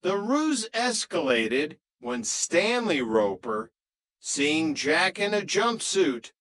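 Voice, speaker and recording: A man reads a comic story aloud, his voice sitting high for a man. He takes his time over every line. The sound is close and dry, with no room around it. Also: fairly bright tone, no room sound, low-quality recording. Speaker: narrator. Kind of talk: scripted storybook narration.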